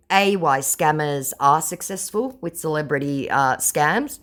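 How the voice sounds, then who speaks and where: A woman's voice: deep voice, lively intonation, slow pace, a bit bright. An Australian woman who recounts chat messages aloud in a sarcastic, mocking way. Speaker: scambaiter and host.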